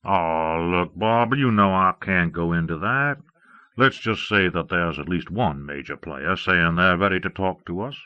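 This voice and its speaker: A man's voice: low voice, unhurried. A man voicing a burly, bluff army colonel who talks in a big, friendly way. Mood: genial. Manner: big, friendly, smooth-talking. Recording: dull lo-fi cassette audio.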